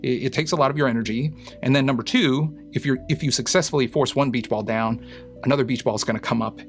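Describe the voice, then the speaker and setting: A man's voice: medium pitch, quick pace, soft background music. A man, a psychologist, talking through a clip in a casual explanatory way with lots of fillers. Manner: explanatory, uses fillers and analogies. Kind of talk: reaction commentary.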